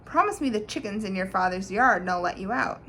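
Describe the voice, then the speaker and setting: A woman reading a storybook aloud, voicing a sly fox in a calm, bargaining tone close to her own voice. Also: mid-range voice, a little fast, slight background noise.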